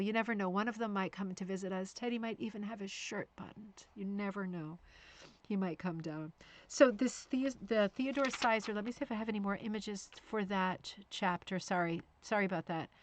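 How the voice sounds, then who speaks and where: Woman, middle-aged, live-stream host, chatty, self-deprecating, lots of fillers. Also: medium pitch. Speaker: host of a rug hooking live show. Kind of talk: casual live-stream chat.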